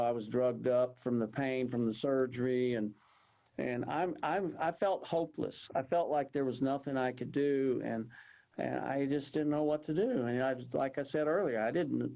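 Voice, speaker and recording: A man, telling his personal story as an interview guest in an earnest, halting way with many restarts. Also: mid-range voice, creaky, mellow. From Texas. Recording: dull lo-fi audio.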